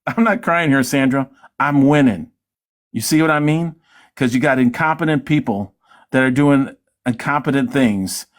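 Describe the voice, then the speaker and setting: A man hosting his own vlog, mocking and taunting his targets in loose political commentary. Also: medium pitch. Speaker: vlogger.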